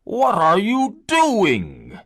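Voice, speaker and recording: A man voicing an angry male beast in a read-aloud storybook, loud, slow and threatening. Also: high-pitched, wildly swooping pitch, slightly rough, no echo, studio quality, pitched above the performer's own voice, exaggerated voice. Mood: furious.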